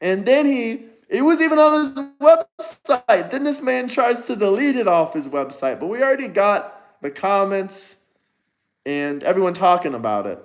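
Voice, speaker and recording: A man's voice: high voice, big pitch swings, normal speed, poor audio. A man hosting a casual livestream, firing mocking, combative replies at his chat. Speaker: livestream host.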